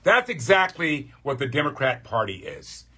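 A man's voice: mid-range voice, very animated, normal speed, pushed and bright. A man hosting a podcast, delivering a heated, profane political rant with emphatic repetition. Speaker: podcast host.

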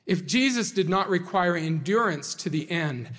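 A man delivering a sermon to a congregation, earnest and measured, with dramatic slow pauses. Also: high-pitched, animated, fairly bright tone. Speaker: speaker addressing a congregation. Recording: hall reverb.

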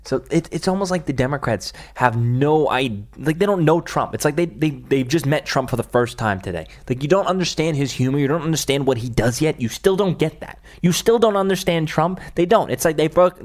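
A man's voice: fairly high pitch, lively intonation, brisk, hardly any pauses. Angry, profane male stream host. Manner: angry, profane ranting with sarcastic asides. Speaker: livestream host. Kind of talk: political commentary stream.

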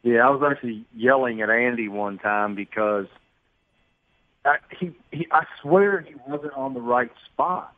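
Brief: chatty man on a tinny phone line, steady mid pitch, storytelling guest. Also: unhurried, no echo. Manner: storytelling, self-deprecating, chatty. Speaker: sportscaster guest. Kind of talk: phone-in radio interview.

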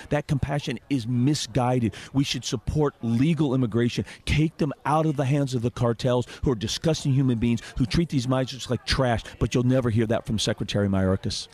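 A man's voice: medium pitch, normal speed, hardly any pauses, a little mellow. A middle-aged man, a former border chief, speaking as a guest in a radio interview in an emphatic, indignant way, often repeating words.

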